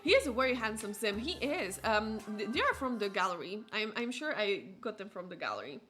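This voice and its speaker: A woman's voice: medium pitch, big pitch swings, fairly quick, a bit bright, soft background music. A woman streaming a life-sim game live, chatting and giggling with her viewers. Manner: giggly, chats with viewers between lines.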